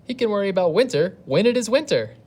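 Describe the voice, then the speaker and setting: A woman's voice: mid-range voice, sing-song, fast, darkish tone, breathy edge, voice pushed up. A woman voicing a carefree, lazy male grasshopper while reading a fable aloud, in a breezy, dismissive manner.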